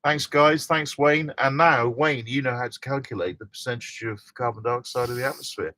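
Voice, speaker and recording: A man's voice: medium pitch, moderate pace, sharp tone, a little hiss or hum. Chatty man hosting a live stream. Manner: chatty, reads out viewer comments, laughs often. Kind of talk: casual live stream chat. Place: inside a motorhome by the coast.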